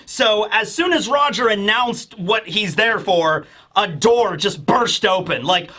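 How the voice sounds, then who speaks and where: A man giving a casual, animated manga chapter review, laughing often and acting out characters. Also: sits high.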